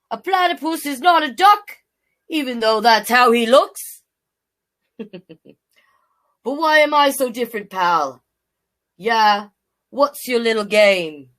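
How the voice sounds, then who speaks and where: A grumpy male koala voiced by a woman protests in a put-on Australian accent, swinging his pitch up and down like a singsong picture-book reading. He takes his time, leaning on each rhyming line as he sulks about being called a bear. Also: fairly bright tone. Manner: indignant, sing-song rhyming storybook reading.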